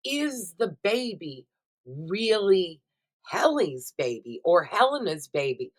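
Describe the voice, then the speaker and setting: A woman's voice: on the low side, slow. A middle-aged woman vlogger, chatting casually and expressively to her viewers about what she has been watching, swearing freely as she goes. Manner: chatty, expressive and profane, addresses viewers directly. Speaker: vlogger reviewing TV shows. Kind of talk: casual chatty recap vlog.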